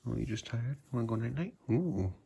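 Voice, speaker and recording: A man's voice: medium pitch, lively intonation, brisk, creaky, mellow, breathy edge. A man talking baby talk to his cat at home, cooing in a raised sing-song voice while he films it playing. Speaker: pet owner filming his cat. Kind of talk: casual baby talk to a pet. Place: home indoors.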